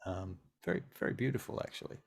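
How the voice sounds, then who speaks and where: Low, gravelly game master. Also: male voice, quick pace. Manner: relaxed, filler-heavy narration. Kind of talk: narrating a tabletop game.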